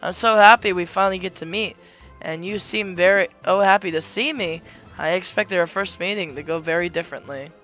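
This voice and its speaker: A man voicing a towering, obsessive knight who gushes over his idol and keeps trying to calm himself. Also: sits high, a little fast, faint music behind. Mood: gushing. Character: towering male knight-fan, obsessive, axe-wielding, twitchy.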